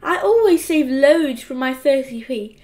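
A woman's voice: sits high, lively intonation, a little slow, a little mellow. A woman voicing a smug, prissy little boy who likes to please his mother in an audiobook. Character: prim goody-goody little boy. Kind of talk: audiobook character voice.

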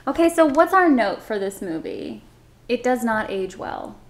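A woman's voice: on the high side, big pitch swings, measured pace. A woman co-hosting a casual film podcast. She talks earnestly and with emphasis, and she often restarts her sentences. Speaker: podcast co-host. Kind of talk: casual chat. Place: home recording. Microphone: old desktop microphone.

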